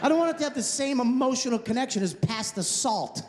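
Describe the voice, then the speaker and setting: Guy in his 30s doing standup, really high voice, sarcastic ranting, live room with a long echo. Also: animated, fast talker. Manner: sarcastic ranting, mocking impressions. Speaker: stand-up comedian. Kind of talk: stand-up set. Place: comedy club stage. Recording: live hall reverb, faint noise.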